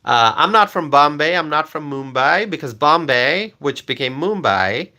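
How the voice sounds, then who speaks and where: A man originally from Bangladesh hosts a live stream at normal speed, his voice on the high side, expressive, pushed and bright. He reads comments from chat and answers them with laughter and repeated questions.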